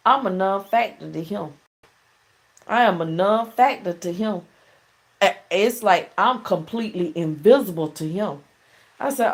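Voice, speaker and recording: Slow-talking chatty woman host. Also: medium pitch. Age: middle-aged. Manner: chatty, laughing storyteller. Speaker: talk show host. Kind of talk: casual call-in show chat.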